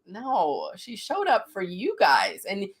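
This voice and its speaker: A woman's voice: slow pace, breathy edge. A woman hosting a casual chat, vividly retelling a story and acting out the voices in it. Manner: animated retelling, acts out quotes with big pitch jumps. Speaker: host, psychic medium.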